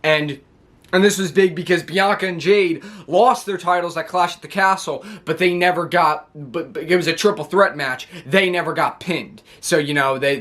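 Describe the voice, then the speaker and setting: A young man talks through a wrestling recap in a loose, rambling way, often laughing at his own retelling. His voice sits a touch high for a man, and he gets worked up as he goes. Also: fairly bright tone. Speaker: wrestling show reviewer. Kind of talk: casual recap vlog.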